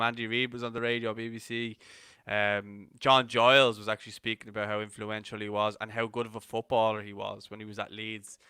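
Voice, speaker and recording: An Irish man with a bright, clear voice tells football anecdotes in a casual, animated way. The sound is dry and close to the mic. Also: lowish voice, no echo. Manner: chatty storyteller, animated anecdotes. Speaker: co-host of a football watch-along. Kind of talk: casual chat.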